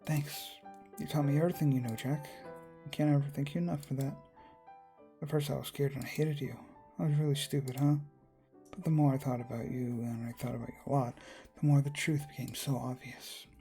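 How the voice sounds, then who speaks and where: A man's voice: mid-range voice, steady tone, brisk, gravelly, dark tone, faint music behind, close to an everyday voice. A man voicing an obsessive, devoted young woman in a visual novel who gushes breathless declarations. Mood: gushing.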